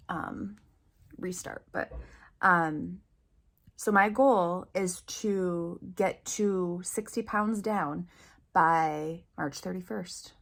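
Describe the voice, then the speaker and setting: A woman in her thirties, chatting earnestly to camera in a personal update vlog, open and a little emotional. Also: fairly low pitch. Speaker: vlogger.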